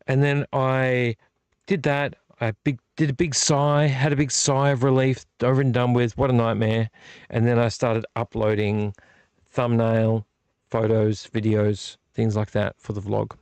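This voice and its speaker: A man's voice: medium pitch, little pitch movement, a little slow, a little mellow, clear, resonant tone, dry recording. A frustrated, weary man, hosting a casual late-night vlog and rambling in a self-deprecating way with frequent restarts. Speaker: vlog host. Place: home movie collection room.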